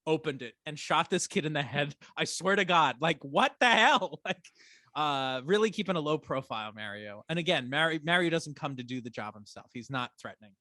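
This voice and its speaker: A man's voice: on the high side, fairly quick, no echo. A man co-hosting a casual rewatch podcast, ranting with energy and swearing often. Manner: animated ranting, swears a lot. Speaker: podcast co-host.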